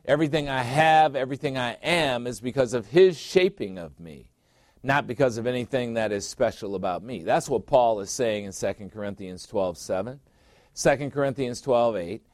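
A man's voice: mid-range voice, moderate pace, no room sound, studio quality. A middle-aged man preaching a sermon as pastor, emphatic, repeating phrases and putting questions to his listeners.

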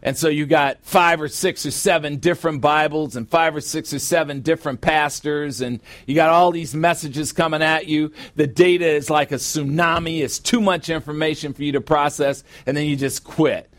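A middle-aged man preaching a sermon as pastor, with emphatic, drawn-out stresses. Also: on the high side, fairly even intonation, a bit bright, dry recording. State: sweating, warm from preaching. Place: church sanctuary.

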